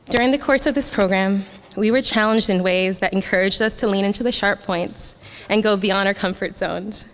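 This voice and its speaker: A woman's voice: mid-range voice, clear, resonant tone. A young woman giving a heartfelt graduation speech, laughing often and getting emotional as she thanks her classmates. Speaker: graduating student speaker. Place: graduation ceremony hall. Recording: long hall reverb.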